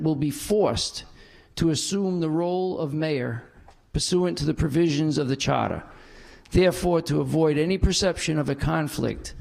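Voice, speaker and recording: A man serving as council president, chairing a formal public meeting and reading a prepared statement with slow, deliberate emphasis. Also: on the high side, vocal fry, darkish tone. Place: council chamber.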